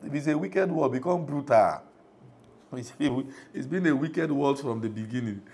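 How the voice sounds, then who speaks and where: A man's voice: mid-range voice, lively intonation, moderate pace, a little mellow. A middle-aged Nigerian man preaching a sermon as pastor, emphatic, often asking the congregation if they follow.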